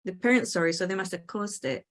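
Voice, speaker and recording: A woman hosting a spiritual talk show, calmly explaining her ideas and acting out the replies people give. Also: lowish voice, quick pace. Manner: reflective, explanatory, acts out quoted replies. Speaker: host.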